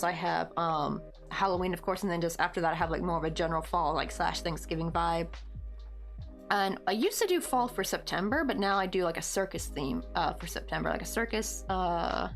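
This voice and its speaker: A woman's voice: on the low side, creaky. A woman from the States with a Southern American accent, chatting casually on a live stream while she crochets, rambling and reading out chat comments. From United States.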